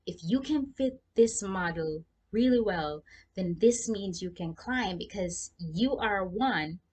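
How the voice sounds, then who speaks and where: A woman's voice: medium pitch, expressive, slow, a little mellow, slightly rough. A young Jamaican woman giving chatty freelancing advice and talking straight to her viewers in a casual vlog. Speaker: freelancing vlogger.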